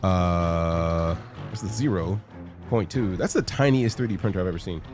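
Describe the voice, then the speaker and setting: A man streaming games live, chatting casually with his viewers, greeting them by name, excitable and swearing freely. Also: deep voice, normal speed, music in the background. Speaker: game streamer.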